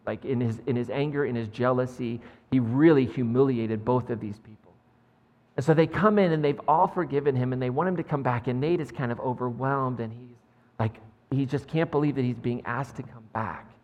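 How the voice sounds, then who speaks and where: A man's voice: medium pitch, fairly quick, darkish tone, highs cut off. A man preaching a sermon as pastor, talking conversationally with lots of "like" and "right?" and joking with the congregation. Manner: jokes with the congregation. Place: church sanctuary. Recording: long church reverb.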